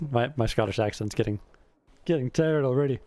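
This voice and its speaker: A man's voice: mid-range voice, moderate pace, warm tone, dry recording. A man hosting a game playthrough video, making joking, self-mocking asides. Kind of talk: let's play commentary.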